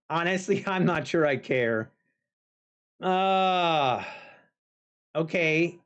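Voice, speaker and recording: A man's voice: a little high, a bit bright, smooth, lo-fi sound. A man live-streaming futures trading, chatting casually with viewers and talking to the market. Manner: talks to the market and chat, drawn-out pauses.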